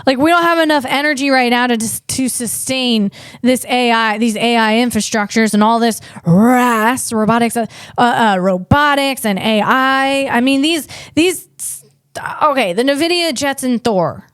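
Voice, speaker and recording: A woman's voice: a little high, a little slow, fairly bright tone, smooth, no room sound, clean studio sound. A woman hosting a comedy podcast, riffing casually and interrupting herself as she talks. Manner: chatty, riffing, self-interrupting.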